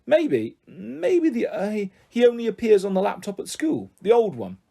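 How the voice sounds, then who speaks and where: Cheeky tech-mad girl, read by a man, pitched well up and bright-eyed. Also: big pitch swings, moderate pace, creaky, full character voice. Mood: chirpy.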